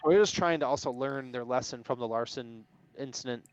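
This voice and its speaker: A podcast co-host talks racing in a casual sports chat, voicing strong opinions and laughing easily. He has a mid-range voice and a brisk pace, with no room sound, on a dull, dry lo-fi recording.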